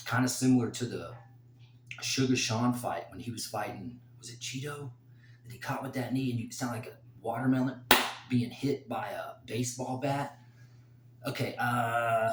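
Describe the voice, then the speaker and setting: A man giving his fight picks in a casual, rambling solo talk that turns emotional and excited. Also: medium pitch, moderate pace, echoey room, a little hiss or hum. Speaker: host making fight picks.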